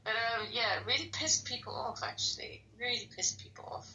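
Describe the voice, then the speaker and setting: A woman's voice: on the high side, fairly quick, sharp tone, highs cut off, a little hiss or hum. A woman in a casual chat, speaking candidly and chattily and swearing freely.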